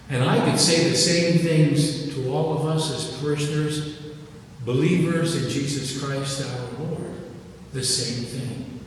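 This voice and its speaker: An older man preaching a lively, emotional sermon as pastor, swinging from loud to hushed. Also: a little high, slow, a little hiss or hum. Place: church sanctuary. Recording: echoey church from far off.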